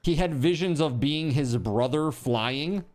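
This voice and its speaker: A man's voice: a little high, unhurried, a little mellow. A man streaming live, chatting casually, rambling and joking, with swearing.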